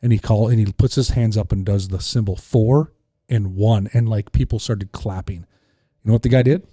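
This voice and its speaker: A man, a fishing guide telling a lively story on a podcast, acting out the voices of the people in it. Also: lowish voice, moderate pace, no room sound, clean studio sound.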